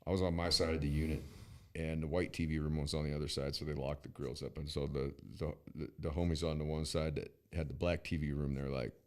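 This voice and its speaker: A man's voice: a bass voice, quick pace. A man telling a personal story in casual chat, blunt and profane, getting heated as he goes. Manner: blunt and profane, with frequent restarts; animated and heated when angry.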